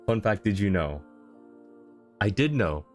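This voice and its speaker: A man's voice: on the low side, very animated, measured pace, a little mellow, soft background music. A man streaming a game in casual chat, effusively thanking viewers and laughing often. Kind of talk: casual live-stream chat while gaming.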